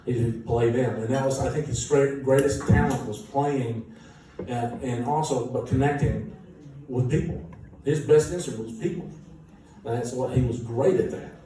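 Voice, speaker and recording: A band musician telling an animated, self-mocking story with frequent laughter. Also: male voice, mid-range voice, normal speed. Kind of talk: casual anecdote storytelling. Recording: echoey room, distant mic, noisy.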